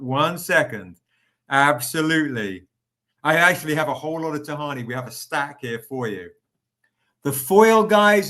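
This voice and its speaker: With a fairly bright voice on the high side, a man sells comic editions during a casual live stream. He greets viewers by name in a chatty, upbeat manner, even though he's recovering and sounds tired.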